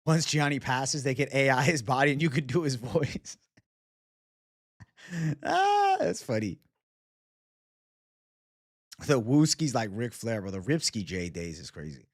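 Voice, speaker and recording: A man hosts a livestream and chats loosely with viewers in profane banter. His pitch moves in a lively way, and the sound is dry and close to the mic. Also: measured pace, pauses often, no room sound. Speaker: livestream host. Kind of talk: casual live chat.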